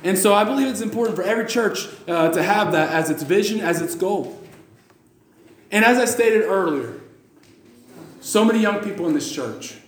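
A man preaching with a notably high voice, pressing his points by repeating phrases and restarting lines. He reads scripture in old-fashioned wording, and the sound rings around an echoey church hall. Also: animated, moderate pace, pauses often, slight background noise. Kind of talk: sermon.

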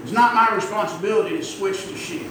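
High-voiced preacher in an echoey church. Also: male voice, a little fast. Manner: folksy, emphatic preaching with call-and-response. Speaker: pastor. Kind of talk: sermon. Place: church sanctuary. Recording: echoey church from far off, noisy.

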